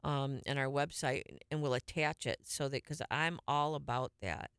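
Gravelly, bright-voiced chatty radio host. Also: medium pitch, normal speed, no echo, clean studio sound. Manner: rambling, jokey, self-mocking. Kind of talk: casual on-air chat. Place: radio studio.

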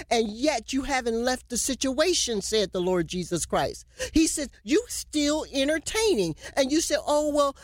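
A woman's voice: on the high side, no room sound. Fervent woman preacher, dry sound. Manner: fervent, declaiming prophecy in the Lord's voice. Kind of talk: prophetic sermon.

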